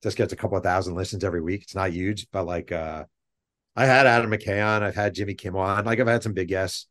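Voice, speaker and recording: A middle-aged man, a guest author on a podcast, chatting casually and telling animated stories with rambling asides. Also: low-pitched, quick pace. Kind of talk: casual interview chat.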